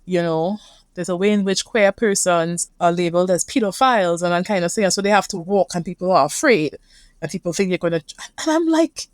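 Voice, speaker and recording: A woman with a Caribbean accent talks as a guest therapist, earnest and reflective. Her voice sits a little low and sounds dry and close, with no room around it. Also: animated, fairly quick, no echo. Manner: earnest, reflective, speaks from feeling. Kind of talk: conversational interview.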